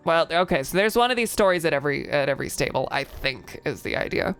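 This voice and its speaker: A woman's voice: deep voice, lively intonation, fast talker, few pauses, soft background music. A young adult woman streamer giving casual gaming commentary with chatty, wry asides.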